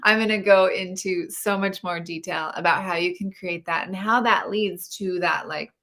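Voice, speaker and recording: A woman coaching her viewers on love and intimacy during a live stream. Her voice sits a little low. She speaks in an earnest, spiritual way, turning straight to the people watching and asking them to answer in the comments. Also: moderate pace, pushed and bright. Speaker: relationship coach.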